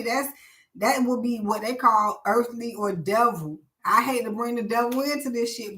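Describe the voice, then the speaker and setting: A woman's voice: on the high side, sharp tone. A woman hosting a live stream, ranting bluntly and preachily with lots of swearing.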